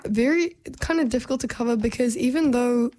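A woman's voice: on the high side, a little fast, darkish tone. Young New woman, strained voice. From New Zealand. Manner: chatty, many fillers. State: strained voice after losing it. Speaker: podcast co-host. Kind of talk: casual political chat.

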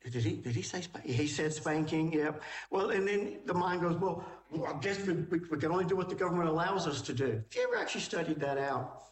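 A man with a somewhat high voice, heard from a distance in a reverberant room. He sounds conversational, thinking aloud and stumbling over repeated words as he reflects on what was just played. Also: fairly quick, few pauses. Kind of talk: reflective commentary.

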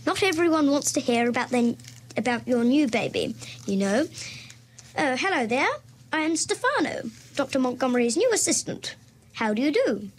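A woman reading aloud from a children's novel, voicing a gruff, scheming villain in disguise who is curt and then falsely polite. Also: high-pitched, sing-song, normal speed, a little hiss or hum.

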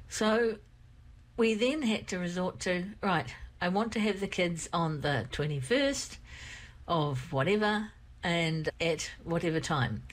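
An older woman with a croaky throat, telling a personal story in a rambling, candid way. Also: lowish voice, rough recording. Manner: rambling, candid, repeats herself. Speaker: vlogger.

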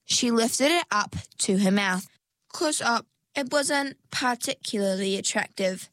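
Woman narrating a storybook, unhurried, mid pitch, close dry mic. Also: animated, a bit bright, no room sound. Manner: slow, measured storytelling. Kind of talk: storybook reading.

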